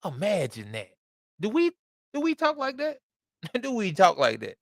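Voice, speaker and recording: A man hosting a podcast, reading scripture aloud and preaching in an animated, conversational way with asides to his listeners. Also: high-pitched, moderate pace, no room sound, clean studio sound. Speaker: podcast host and Bible teacher.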